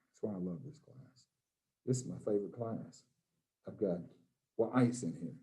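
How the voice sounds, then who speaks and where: A man's voice: on the low side, moderate pace, mellow. A man, a biology teacher in his classroom, quizzing students by name in a playful, encouraging way. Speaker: high school biology teacher.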